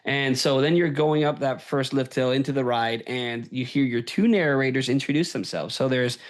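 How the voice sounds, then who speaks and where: A man hosts a podcast at medium pitch and normal speed, chatting casually and enthusiastically. He keeps tagging "right?" onto his points to check in with listeners.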